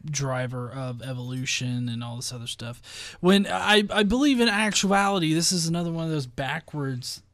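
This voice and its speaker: A man's voice: on the high side, expressive, moderate pace, few pauses, a bit bright, no echo. A man co-hosting a casual, irreverent podcast, cracking crude jokes and chuckling. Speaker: podcast co-host.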